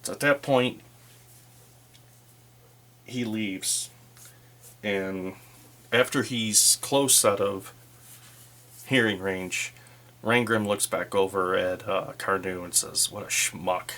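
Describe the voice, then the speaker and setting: A man narrating a solo tabletop game as game master, in a relaxed, rambling way. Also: on the low side, slow pace, pauses often.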